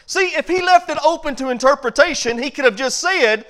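Man preaching, very high voice, quiet stretches rising to loud emphatic lines. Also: expressive, brisk, few pauses. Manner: builds from low quiet passages to loud emphatic points. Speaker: pastor. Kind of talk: sermon.

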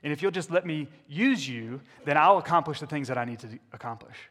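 A man's voice: fairly high pitch, expressive, brisk, a bit bright, in a large hall. A man voicing God as a firm, reassuring divine figure.

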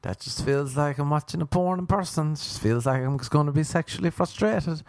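A man's voice: fairly high pitch, brisk, a little mellow, dry recording, studio quality. A young Irish man hosting a podcast, telling stories in a rambling, self-mocking comic monologue. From Ireland. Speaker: podcast host.

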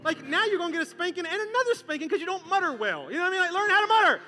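A male pastor preaching a sermon from a church stage, animated and conversational, with comic bits. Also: extremely high pitch, very fast. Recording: long hall reverb, faint music.

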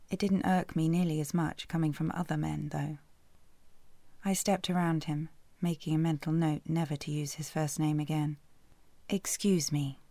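A woman's voice: low voice, mellow, no echo. A British woman narrating a first-person romance audiobook in a dry, sardonic way, close to the mic.

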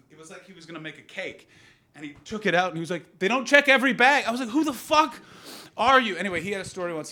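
Animated Canadian man doing stand-up. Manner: animated storytelling, swings from loud outbursts to low asides. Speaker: stand-up comedian. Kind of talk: stand-up comedy with crowd work.

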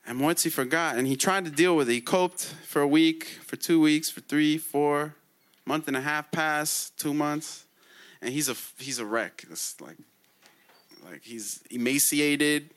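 A man retelling an old myth as a casual story, packed with slang and fillers and breaking into chuckles. His voice sits slightly high and he takes his time. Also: unhurried.

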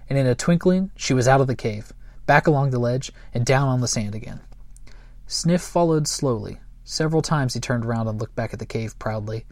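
A man reading a children's book aloud in a gentle, unhurried way, with small slips and chuckles. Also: mid-range voice, dry recording. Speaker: storyteller.

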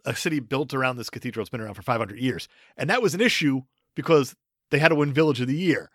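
A man co-hosting a casual movie review podcast, animated and quick to laugh. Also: medium pitch, no echo, clean studio sound. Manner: animated, laughs often, does quick impressions. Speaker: podcast co-host.

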